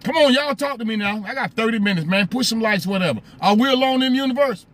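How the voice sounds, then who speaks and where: A man's voice: very high voice, quick pace, fairly bright tone. A man hosting a live stream, talking casually, greeting viewers by name and asking them rhetorical questions.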